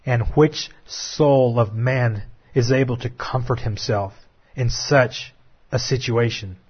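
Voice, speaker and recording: A man preaching a sermon with impassioned, drawn-out dramatic phrasing. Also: medium pitch, breathy edge, dull audio.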